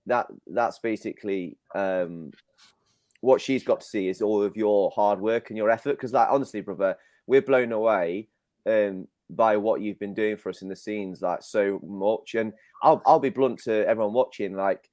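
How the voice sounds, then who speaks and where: A low-voiced man hosts a casual chat over a video call. He halts and restarts and keeps calling his guest brother and mate. His voice sounds dry and close. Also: normal speed, darkish tone, dry recording. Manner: hesitant, affectionate, full of "brother" and "mate". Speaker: host.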